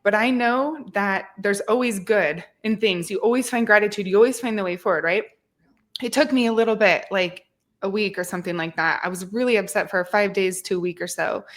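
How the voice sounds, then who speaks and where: A woman in her thirties talks through a fitness podcast in an earnest, reflective, motivating way. Her voice sits at a middling pitch for a woman. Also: normal speed. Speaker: fitness podcast host and coach. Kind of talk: casual podcast chat.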